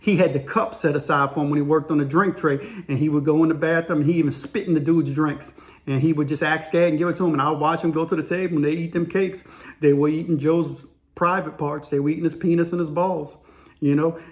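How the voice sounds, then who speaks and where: A man's voice: a little high, fairly even intonation, fast talker. A man telling a story in a rambling, slangy way, full of fillers. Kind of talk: casual spoken storytelling.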